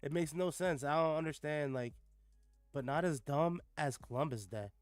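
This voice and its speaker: A man with a slightly raised pitch talks through a casual reaction video, sarcastic and loose, leaning on "like" and "bro" and swearing freely. His voice sits dry and close to the mic. Soft music plays faintly beneath him. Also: moderate pace, clean tone, no echo. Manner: sarcastic, peppered with "like" and "bro", profane. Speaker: reaction commentator. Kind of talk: casual reaction commentary with read-aloud passages.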